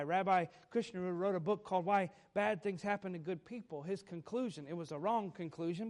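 A man preaching a sermon, earnest, acting out quoted prayers with pleading emphasis. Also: sits high. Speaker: pastor.

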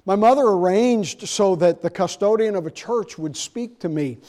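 A middle-aged man preaching a sermon as pastor, moving between quiet, confiding storytelling and loud, raised emphasis. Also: normal speed. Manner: shifts from soft confiding asides to loud, high-pitched emphasis.

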